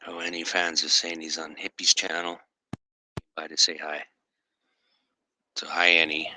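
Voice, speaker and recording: A man hosting a livestream and chatting in a relaxed way. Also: rumbling low, unhurried, a little hiss or hum, rough recording. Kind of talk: casual chat.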